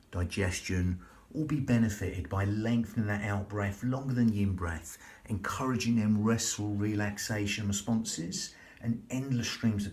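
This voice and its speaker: A man leading a slow, soothing, repetitive breathing and relaxation class as a yoga instructor. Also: on the low side, a little mellow.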